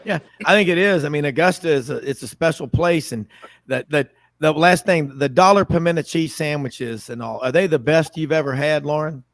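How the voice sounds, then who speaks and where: Chatty radio host, dry sound. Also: male voice, fairly high pitch, normal speed, no echo. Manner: chatty, laughing, rambling. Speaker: sports talk host. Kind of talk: radio talk show.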